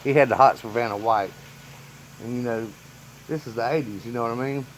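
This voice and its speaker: A man's voice: medium pitch, a little fast, a little hiss or hum, low-quality recording. A man in a casual storytime vlog, rambling through family memories and chuckling often. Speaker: vlogger telling family stories.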